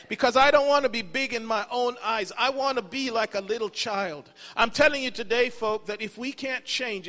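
A man's voice: extremely high pitch, pushed and bright, long reverb tail. A middle-aged man preaching a sermon as pastor, telling folksy stories with casual asides. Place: church sanctuary.

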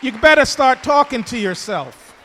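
A pastor preaching a fervent sermon in a church sanctuary, his voice unusually high for a man. He shifts between quiet, close moments and loud, rising exhortations, with hallelujahs between them. His words ring out with a long, echoing hall reverb. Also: animated, normal speed, some chatter behind, a little hiss or hum. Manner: impassioned, swinging from hushed to loud exhortation; repetitive call-and-response preaching with hallelujahs.

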